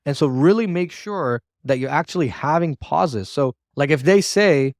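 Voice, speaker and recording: A man's voice: a little high, moderate pace, no room sound. A man coaching new callers in a recorded training lesson, talking casually and repeating himself to drive points home. He acts out sample phone lines, lifting and dropping his tone to show the difference. The sound is dry and close, with no room around it. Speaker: sales trainer.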